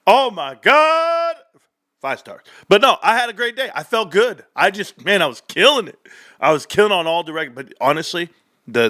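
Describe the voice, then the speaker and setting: Man, middle-aged, high voice, bright tone, livestream host, animated, jokey. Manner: animated, joking, talks to chat directly. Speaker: stock market livestream host. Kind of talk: casual livestream rant.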